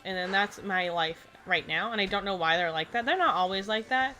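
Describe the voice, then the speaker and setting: A woman's voice: medium pitch, brisk, few pauses, bright, forceful tone, soft background music. A tired young woman chatting casually while gaming, rambling through stories about her class. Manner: rambling storyteller, acts out kids' voices. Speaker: streamer and preschool teacher.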